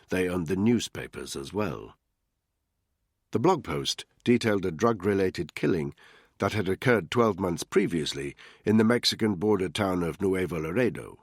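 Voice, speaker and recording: A man with a deep, husky voice narrates a thriller audiobook in a steady, even storytelling manner. The sound is close and dry, as from a booth. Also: no echo.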